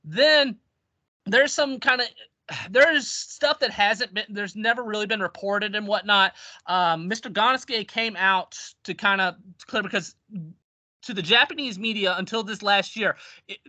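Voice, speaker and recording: A man's voice: sits high, a little slow, bright, forceful tone, no room sound. A man casually retelling a long story on a podcast, rambling with restarts and acted-out quotes. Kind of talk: casual wrestling history chat.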